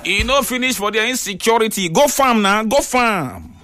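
High-voiced Nigerian Pidgin radio host. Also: male voice, moderate pace, faint music behind. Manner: lively banter in Pidgin English, greets callers warmly. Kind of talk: casual call-in chat.

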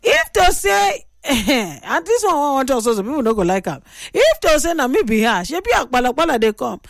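A woman's voice: sits high, big pitch swings, a little fast, no room sound, studio quality. A woman with a Nigerian accent hosting a radio call-in show, chatty and opinionated as she tells a story. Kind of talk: casual radio talk.

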